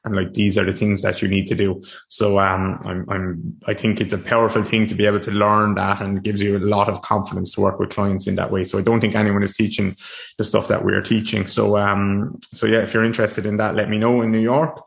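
A man's voice: on the low side, little pitch movement, brisk, creaky. A man hosting a solo podcast, talking casually to a screen with frequent restarts and fillers. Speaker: podcast host. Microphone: desk mic facing a screen.

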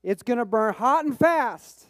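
Excitable storytelling preacher man. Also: very high-pitched, measured pace, no room sound. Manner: lively storyteller with bursts of excitement; repeats words when restarting phrases. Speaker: pastor. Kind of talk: sermon with personal storytelling.

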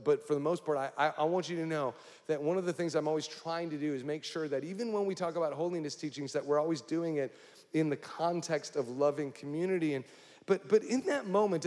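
A man's voice: fairly high pitch, a little mellow. A male pastor preaching a sermon, speaking directly to the congregation with frequent questions. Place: church hall. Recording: long hall reverb.

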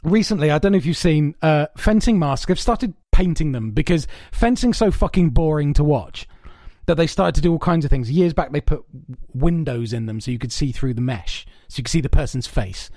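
Sweary guy rambling thru a podcast story, slightly high voice, dry soundproofed room. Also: animated, fairly quick, few pauses, a little mellow, no room sound. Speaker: podcast co-host. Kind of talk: casual podcast chat.

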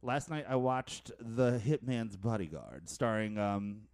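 A man in casual podcast chat about movies, chatty and quick to laugh. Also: fairly low pitch, clean tone, no echo. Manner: chatty, animated storyteller, laughs often.

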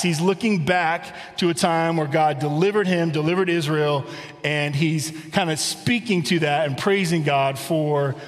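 A middle-aged man preaching a conversational sermon, asking rhetorical questions and reading scripture slowly. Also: fairly high pitch, big-room sound. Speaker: pastor. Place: church sanctuary.

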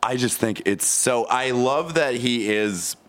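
A man's voice: medium pitch, slow pace, fairly bright tone. A man co-hosting a casual chat, talking enthusiastically and rambling a bit.

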